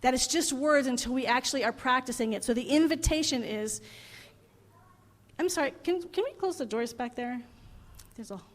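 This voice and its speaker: A woman's voice: high-pitched, normal speed, pauses often, big-room sound. A woman minister giving a sermon in an earnest manner, often repeating phrases for emphasis. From United States.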